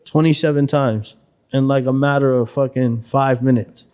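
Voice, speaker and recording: A man from Buffalo, New York, talking as a podcast guest, telling his story in a profane, streetwise, animated way. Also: medium pitch, normal speed, smooth. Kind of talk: casual storytelling chat.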